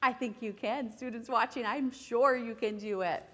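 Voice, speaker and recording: High-voiced lady teacher drilling letter sounds with little kids, slow, loud noisy video. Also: steady tone, long reverb tail. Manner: slow, sing-song classroom prompting. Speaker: kindergarten teacher. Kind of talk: teaching a phonics lesson to young children. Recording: classroom video with loud background noise.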